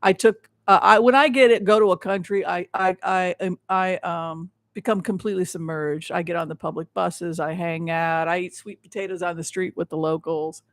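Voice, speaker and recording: A man running a psychic tarot livestream, speaking in a rambling, emphatic way and often restarting his sentences. His voice is high and gravelly. It is recorded close and dry, with no room echo. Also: steady tone, moderate pace, hardly any pauses, a bit bright. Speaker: psychic show host. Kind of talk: livestream tarot and remote-viewing commentary.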